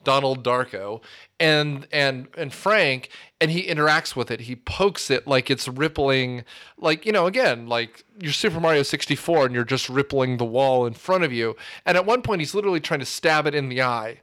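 A man in casual podcast chat, retelling a film scene in a rambling, animated way with many fillers. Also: mid-range voice, normal speed. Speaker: podcast co-host discussing a film.

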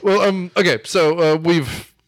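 A man with a high voice, chatting about films as a podcast co-host. He jokes and laughs a lot, recorded close and dry with no room sound. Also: a little slow, no room sound. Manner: joking, laughs often. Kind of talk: casual movie discussion.

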